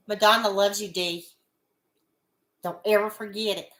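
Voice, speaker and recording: A woman's voice: medium pitch, a bit bright, reverberant. A woman hosting a casual livestream chat, stuffed up with a head cold, greeting viewers by name and chuckling often. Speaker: livestream host.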